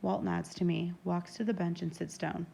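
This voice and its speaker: A woman narrating a first-person novel in a steady, even storytelling manner. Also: fairly low pitch, moderate pace, gravelly, husky. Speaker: audiobook narrator.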